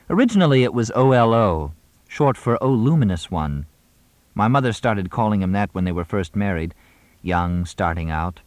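A man voicing a sharp-tongued young woman who is an actress, wry and teasing. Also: on the low side, no echo, close to an everyday voice. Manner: mocking, theatrical, quick-witted.

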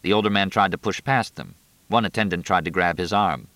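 A man reading a novel aloud in a steady, measured narration. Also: low voice, no echo. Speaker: audiobook narrator. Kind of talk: scripted narration.

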